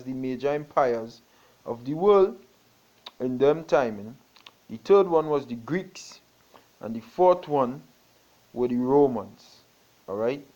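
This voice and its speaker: A man's voice: mid-range voice, darkish tone, dull audio. A man preaching, reading magazine text and scripture aloud with asides and emphatic stresses.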